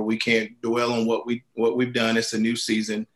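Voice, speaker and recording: A man, a girls basketball head coach, answering interview questions in a halting, earnest way. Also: mid-range voice, monotone. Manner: halting, many fillers and restarts, earnest.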